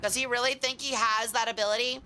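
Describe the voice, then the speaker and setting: A young woman streaming a tank game, chatting with viewers and swearing excitedly as she plays. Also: a little high, quick pace, slight background noise. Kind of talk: casual live gameplay commentary.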